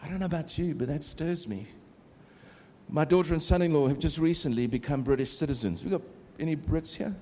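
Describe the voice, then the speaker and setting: A man's voice: a little high, a little fast, mellow. A middle-aged man preaching a sermon in a conversational way, joking with the congregation. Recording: long reverb of a large hall.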